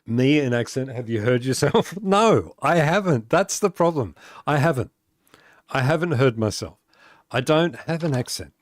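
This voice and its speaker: A man's voice: mid-range voice, expressive, moderate pace, dry recording. An Australian man chatting casually on a live game stream, talking to viewers and laughing often. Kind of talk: casual gaming stream chat.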